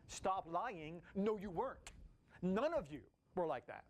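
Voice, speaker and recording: A man leading a Bible study, teaching in a lively, casual way and acting out the people in the story. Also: high-pitched, unhurried. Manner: animated, acts out voices of people in the story, casual slang.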